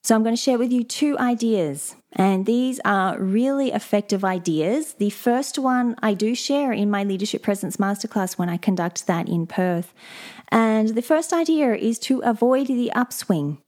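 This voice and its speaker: A woman hosting a solo advice podcast, explaining speaking skills in a clear, measured and instructive way. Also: a little high, darkish tone. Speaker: podcast host and voice coach.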